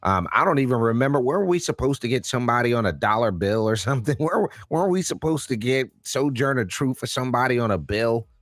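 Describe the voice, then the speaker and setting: A man co-hosting a podcast, talking in an animated, incredulous and slangy way. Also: mid-range voice, quick pace, hardly any pauses, no room sound, studio quality. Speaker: podcast co-host. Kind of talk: casual commentary chat.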